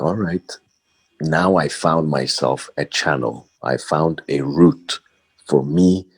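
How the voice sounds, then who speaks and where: A man's voice: extremely low pitch, creaky, a little mellow, slightly rough. A man from Bahrain, a voice-over artist, talking reflectively as a podcast guest with frequent fillers and restarts. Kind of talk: casual interview talk.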